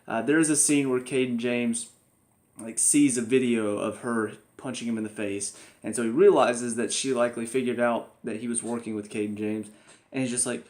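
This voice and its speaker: A man's voice: mid-range voice, fairly even intonation, brisk, darkish tone. A young man giving a casual spoken TV review, exasperated and sarcastic, often laughing at the plot. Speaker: TV show reviewer.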